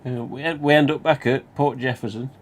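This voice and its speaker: Nottingham man hosting a home live stream, casual rambling delivery, swears freely, mid pitch. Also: fairly even intonation, moderate pace. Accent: Nottingham English. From England. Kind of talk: casual storytelling.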